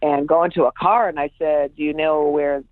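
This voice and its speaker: A woman's voice: low voice, a little fast, no room sound. A woman guest telling an emotional personal story, acting out what people said, heard over a phone line. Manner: animated, acts out quoted voices.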